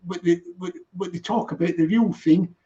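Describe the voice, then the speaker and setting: A man's voice: high voice, fairly even intonation, moderate pace, dark tone. A man from London, chatting casually on a live stream, rambling and repeating himself with lots of "you know". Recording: dull lo-fi sound.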